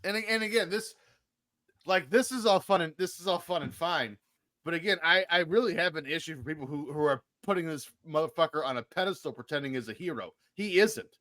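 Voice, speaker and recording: A man's voice: a little high, fairly quick, a bit bright, no room sound, studio quality. A man co-hosting a podcast in casual chat, arguing his point and swearing freely. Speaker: podcast co-host.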